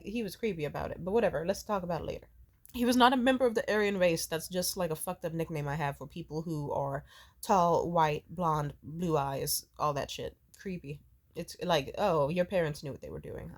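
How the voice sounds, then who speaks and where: A woman in her twenties venting in a rambling, profanity-heavy personal rant. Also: fairly low pitch. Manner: profane, rambling, emotionally charged. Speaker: vlogger. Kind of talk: ranting personal vent.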